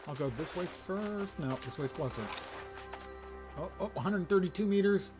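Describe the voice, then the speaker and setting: A man's voice: high-pitched, lively intonation, moderate pace. An older man chatting wryly to his viewers while he plays a game. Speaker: game streamer. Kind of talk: casual gameplay commentary. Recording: loud game music behind. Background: game music.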